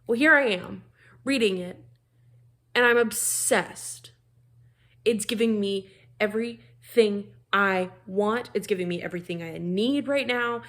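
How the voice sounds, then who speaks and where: A young woman gushes about her books in a casual home vlog. She talks in loose bursts, swears freely and trips over her own sentences. Her voice sits at a middling pitch for a woman. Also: a little slow, fairly bright tone. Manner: gushing, profane, rambling with restarts. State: feeling unwell. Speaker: book vlogger. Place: bedroom at home.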